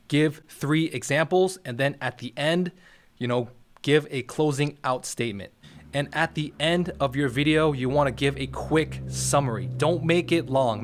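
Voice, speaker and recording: A young man hosting a YouTube how-to, coaching viewers in a direct, casual way and checking in with "all right?" He is in his office next to a firehouse. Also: on the high side. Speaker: YouTube tutorial host. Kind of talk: casual how-to talk to camera.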